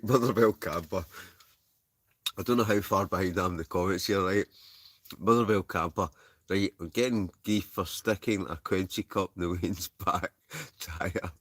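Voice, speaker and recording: A man's voice: low-pitched, a bit bright, no room sound. A Scottish man hosting a wild camping live stream from a heated tent, chatting in a rambling way, laughing often and answering live comments. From Scotland. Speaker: wild camping livestream host. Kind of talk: casual chat reading live comments. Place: inside a heated tent with a stove.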